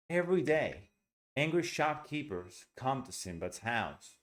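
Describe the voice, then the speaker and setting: A man's voice: lowish voice, very animated, a little slow, a bit bright. A man teaching English pronunciation in an online lesson, talking casually and bluntly and checking in with "right?" as he explains. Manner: chatty, with frequent "right?" and "okay?"; blunt, opinionated asides.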